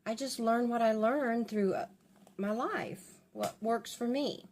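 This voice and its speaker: A woman's voice: a little high, unhurried, darkish tone, a little hiss or hum. An older woman and grandmother chatting in a rambling, confiding way while she does her hair for her vlog. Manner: rambling and confiding, with many restarts. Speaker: beauty vlogger. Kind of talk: casual chat while doing her hair.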